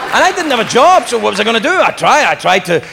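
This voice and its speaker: Gravelly stand-up comedian. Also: male voice, very high-pitched, fast, heavy background noise. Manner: swearing, animated, self-mocking. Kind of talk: stand-up storytelling. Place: comedy club stage. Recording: live club with laughing crowd.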